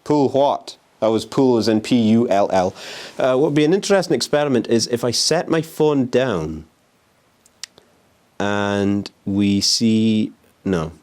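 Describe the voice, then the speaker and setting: A young man with a fairly low voice films himself in an empty, windy house. He chatters restlessly, swears freely and goads the spirits to answer him. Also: expressive, a little slow, a little mellow. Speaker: urban explorer and ghost hunter. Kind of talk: handheld exploring vlog. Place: abandoned house on a windy day.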